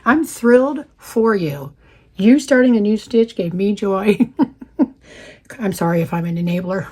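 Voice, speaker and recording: This woman in her fifties talks in a warm, mellow tone as she chats through viewer comments in a casual craft vlog. Her voice sounds slightly worn, and she laughs easily between thoughts. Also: medium pitch, measured pace. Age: 50s. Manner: chatty and warm, laughs often. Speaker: craft channel host. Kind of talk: casual chat while stitching, reading viewer comments.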